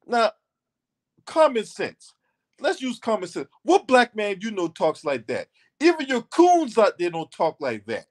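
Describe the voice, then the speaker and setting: A man's voice: high-pitched, big pitch swings, measured pace. A man hosting his own channel, giving a ranting commentary that is emphatic and profane, and repeating lines for stress.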